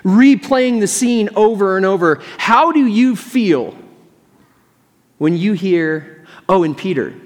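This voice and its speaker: Slow but animated, a high-pitched pastor delivers a sermon, earnestly recounting a story and picturing people's thoughts and words. His voice echoes with a large hall's long reverb.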